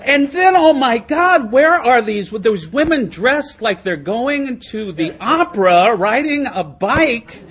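A middle-aged man giving an animated, self-mocking, humorous talk as speaker at a recovery meeting, laughing often. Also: extremely high pitch, slow, few pauses. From United States.

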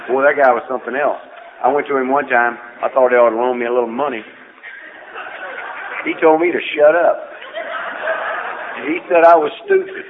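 A man's voice: medium pitch, expressive, moderate pace, pauses often. A man giving a personal testimony at a recovery meeting, telling his story in a folksy, humorous way. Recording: tinny phone-like audio with faint noise.

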